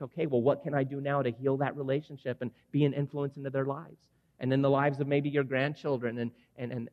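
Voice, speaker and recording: A middle-aged man delivers a sermon in an earnest, tender voice, chuckling softly now and then. His pitch sits in an ordinary middle range. The sound is a little dull, and it rings with a long hall reverb. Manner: earnest, gentle, with brief chuckles. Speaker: preacher.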